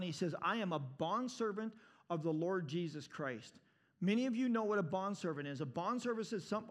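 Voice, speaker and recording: A man preaching a sermon in an animated way, moving between loud and hushed passages. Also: sits high.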